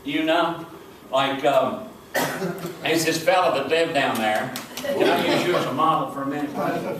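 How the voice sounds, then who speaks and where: A man playing an excitable, boastful small-town deputy with a Southern accent, rambling and fumbling for words in a live stage comedy monologue. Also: a little high, moderate pace, background noise, close to an everyday voice. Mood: folksy. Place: stage before an audience. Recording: echoey hall, from far off.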